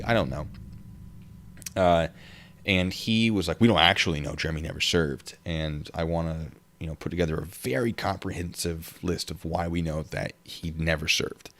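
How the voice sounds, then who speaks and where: A young man hosting a casual livestream, rambling and reading viewer comments aloud. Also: low voice. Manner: rambling, reads chat aloud. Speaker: livestream host.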